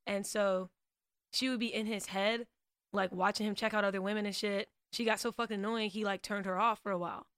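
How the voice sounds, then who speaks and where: A woman chatting casually about a TV show, excitable and swearing freely, laughing often. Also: mid-range voice, fairly quick, no room sound, clean studio sound. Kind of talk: casual chat.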